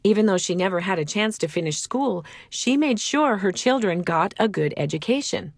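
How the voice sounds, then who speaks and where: A mother lovingly recalling family stories for her daughter in a storybook reading, voiced by a woman. The voice sits at a middle pitch and sounds close and dry, with a gentle, reminiscing manner. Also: animated, normal speed, no room sound. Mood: fond. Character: warm, faithful mother telling family stories. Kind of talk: children's magazine story reading.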